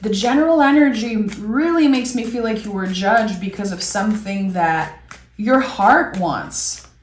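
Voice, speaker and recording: A woman reads tarot cards slowly and gently, her thoughts unfolding in soft, reflective pauses. Her voice sits at an ordinary middle pitch. An echoey room rings around her. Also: lively intonation, a little hiss or hum. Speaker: tarot reader. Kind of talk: intuitive tarot reading.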